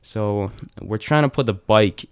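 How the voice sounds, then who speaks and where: A man's voice: on the low side, a little slow, clean tone. Teen guy, casual chat, rambling anecdote, filler-heavy delivery. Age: teens. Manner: rambling, animated retelling with many fillers. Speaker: storyteller.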